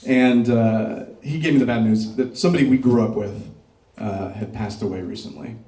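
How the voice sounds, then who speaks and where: A middle-aged man performing a stand-up comedy set, doing crowd work and dropping deadpan dark punchlines on a club stage. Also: on the low side, moderate pace. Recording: roomy club sound, mic picked up from a distance.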